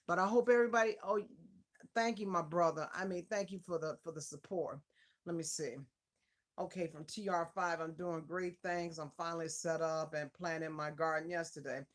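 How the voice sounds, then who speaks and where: A woman hosting a casual live stream interview, effusive and greeting her viewers by name. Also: fairly low pitch.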